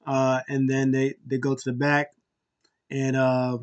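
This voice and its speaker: A man casually recapping a wrestling show, animated and acting out the wrestlers' lines in quick impressions. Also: mid-range voice, smooth, lo-fi sound.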